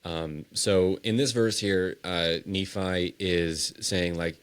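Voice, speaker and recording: A man's voice: low-pitched, steady tone, takes it slowly, hardly any pauses, smooth. A man co-hosting a comedy podcast, reading scripture aloud between casual banter. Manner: laid-back, reads verses aloud. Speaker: podcast co-host.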